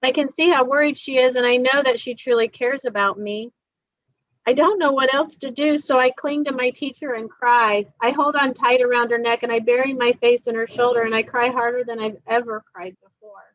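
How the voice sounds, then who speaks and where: A woman reading aloud in the voice of a frightened nine-year-old girl, quietly and plainly. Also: a little high, fairly even intonation, brisk, no echo, lightly acted. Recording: dull dry recording.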